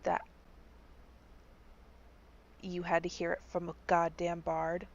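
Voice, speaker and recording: A woman as a hushed, grieving bard. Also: fairly low pitch, flat delivery, gravelly, dull audio, exaggerated voice. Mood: tender. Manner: quiet, tender, slow. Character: gentle grieving female bard comforting a friend.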